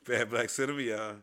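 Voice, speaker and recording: Man, comedy host, teasing, stammering, bright voice. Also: mid-range voice. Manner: teasing, stammering, laughs often. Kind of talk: improvised comedy sketch and casual hosting.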